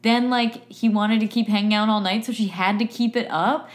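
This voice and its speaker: A woman's voice: mid-range voice, moderate pace. Chatty young woman co-host reading odd facts. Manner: animated, reads facts aloud, jumps into voices. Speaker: podcast co-host. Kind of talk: casual chat.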